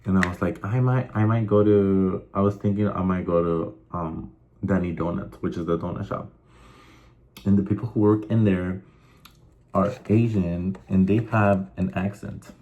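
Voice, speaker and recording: A man's voice: sits low, fairly even intonation, moderate pace, mellow, lo-fi sound, slight background noise. A young man hosting a casual chat show, rambling through stories with lots of fillers and swearing. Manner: rambling, profane, filler-heavy storytelling. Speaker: host.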